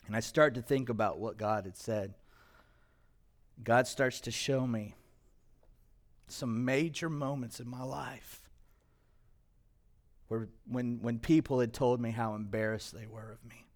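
A middle-aged male pastor telling a personal story in a sermon, emotional and halting at times. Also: medium pitch. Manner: emotional, personal testimony with pauses.

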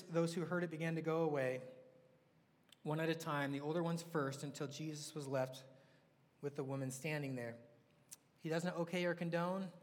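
A man preaching a sermon, animated and asking the audience questions. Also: a little high, in a large hall.

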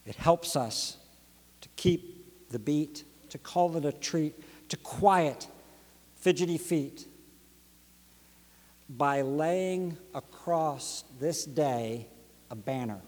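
A pastor delivering a sermon with rhythmic, dynamic preaching that swings from near-whisper drops to rising emphatic peaks. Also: male voice, fairly high pitch, very slow, pauses often, darkish tone, big-room sound. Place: church sanctuary.

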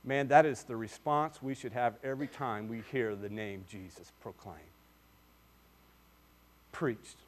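A man preaching a sermon, swinging between hushed asides and forceful, emphatic declarations. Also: mid-range voice, steady tone, measured pace, pauses often. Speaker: pastor.

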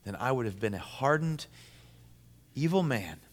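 Emphatic preacher in a reverberant hall. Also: male voice, medium pitch, big pitch swings, normal speed. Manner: emphatic and repetitive, swinging from loud and rising to hushed and intense. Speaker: pastor. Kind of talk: sermon to a men's gathering.

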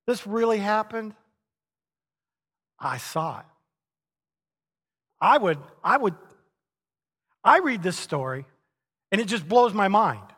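Animated man preaching in an echoing hall. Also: sits high, slow, pauses often, slightly rough. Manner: animated storytelling with chuckles. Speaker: pastor. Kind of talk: sermon. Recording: long reverb of a large hall.

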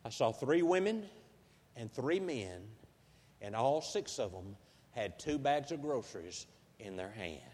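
A man's voice: medium pitch, sing-song, a little slow, a little mellow, breathy edge. A man from Texas, preaching a folksy, emotional story sermon that builds to fervent intensity. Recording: long reverb of a large hall.

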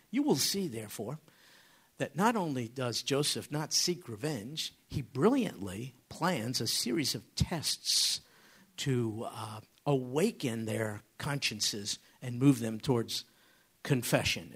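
A man's voice: mid-range voice, fairly bright tone, husky. A man preaching a sermon, dramatic in his delivery and often putting questions to his listeners.

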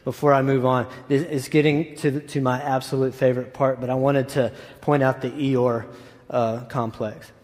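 A man's voice: medium pitch, flat delivery, moderate pace, a little mellow. A man preaching a sermon as pastor in a casual, enthusiastic way with asides. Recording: echoey hall.

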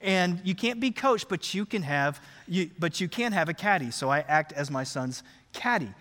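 A middle-aged man preaching a sermon, telling a story in an animated, conversational way. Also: high voice, normal speed. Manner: animated, conversational, acts out scenes. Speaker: pastor. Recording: long reverb of a large hall.

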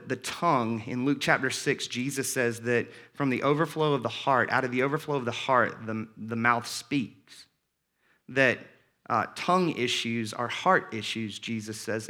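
A man's voice: medium pitch, bright, forceful tone. A man pastor preaching a sermon in earnest, rising in force when he reads scripture aloud, and often repeating words as he goes. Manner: repeats words and restarts phrases.

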